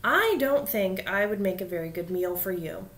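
A woman voicing a small, timid young billy goat with a high piping voice in a storybook reading. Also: lively intonation, normal speed, fairly bright tone, natural voice. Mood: polite. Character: little young male billy goat, timid but clever.

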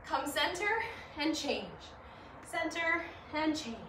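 A woman fitness instructor guiding a gentle home workout, upbeat and encouraging, a little winded, recorded in her living room. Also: high-pitched, lively intonation, takes it slowly, noisy background. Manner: upbeat, encouraging, laughs at herself. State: slightly winded. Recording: echoey room, mic at a distance.

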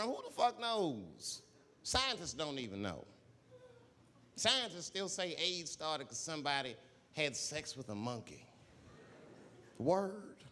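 Animated man doing stand-up in a hall. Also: high-pitched. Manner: animated storytelling, acting out crowd voices. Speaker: stand-up comedian. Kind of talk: stand-up comedy. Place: theater stage. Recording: live theater with long reverb and audience noise. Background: audience laughter.

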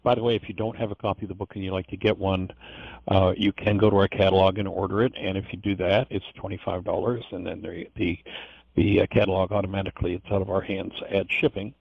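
Male course teacher, husky and gravelly, earnest and digressive delivery; dull lo-fi call sound. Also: sits low, flat delivery, quick pace, no echo. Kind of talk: informal course lecture.

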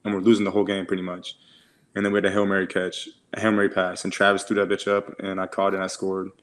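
Fast-talking, flat-voiced young man. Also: low-pitched. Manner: slangy, profane storytelling with many "like"s. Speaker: podcast co-host. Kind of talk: casual chat.

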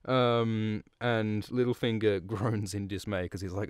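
A man with a lowish, smooth and resonant voice recaps a book in a loose, rambling way. He swears freely and drops chuckling asides. The sound is dry and close to the mic. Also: level tone, moderate pace, no echo. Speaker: podcast host.

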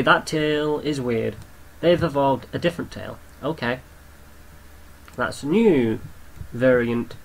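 A man's voice: mid-range voice, fairly bright tone, a little hiss or hum, low-quality recording. Chatty young man commenting on a game. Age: young adult. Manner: chatty, talks to the creatures on screen, swears casually. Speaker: gameplay commentator. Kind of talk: casual gameplay commentary.

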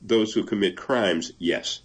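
An older man speaks in a low, husky voice, weighing each word as he explains his choices. He reads passages aloud and breaks into easy laughter now and then. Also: takes it slowly. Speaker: translator and guest. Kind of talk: conversational interview.

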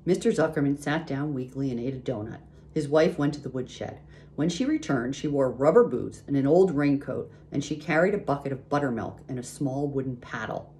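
A woman reading a children's book aloud, expressive and pausing to point out the pictures. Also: very deep voice, slight background noise. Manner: expressive, pauses to show pictures. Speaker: reader.

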